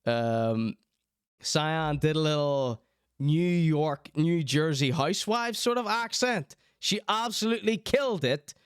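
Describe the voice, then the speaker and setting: A man's voice: on the high side, lively intonation, slow pace, clear, resonant tone, no echo, clean studio sound. A man giving teasing, chatty live-stream commentary on clips. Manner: teasing, chatty, mock-outraged asides.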